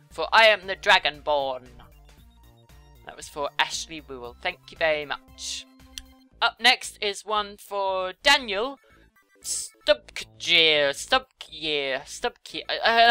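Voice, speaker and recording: A woman's voice: mid-range voice, sharp tone, clean tone, dry recording. A young woman chatting casually while she draws, giggling and teasing herself. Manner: chatty, giggly, self-deprecating. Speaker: YouTuber. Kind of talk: casual commentary while drawing.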